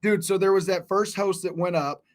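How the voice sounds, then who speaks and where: A man's voice: high voice, normal speed. A man and comedian co-hosting, telling stories in casual podcast chat, keen and peppered with "dude". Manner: excited, punctuates with "dude". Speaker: comedian co-host.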